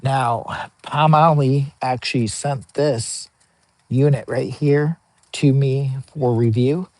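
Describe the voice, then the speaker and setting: A man live streaming a product test, joking around, hyping up his viewers and bursting into excitement. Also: medium pitch, takes it slowly, no room sound. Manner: joking, hyped, begs for likes, bursts of excitement. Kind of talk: goofy live-stream chat. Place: outdoor campsite by a pellet stove.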